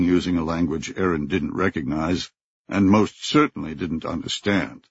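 A man narrating a thriller audiobook in a steady, measured way. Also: low voice, slightly rough, no echo. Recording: dry, dull lo-fi recording.

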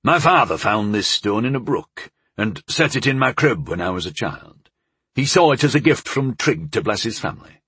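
Guy doing an old hedge mage, low slow husky voice, calm and wise, dry close sound. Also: no echo, exaggerated voice.

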